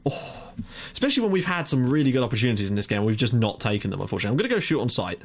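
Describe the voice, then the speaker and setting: A young man giving excitable live commentary on his own football management game, thinking aloud and swearing when it goes wrong. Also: mid-range voice, very fast. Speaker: gaming commentator.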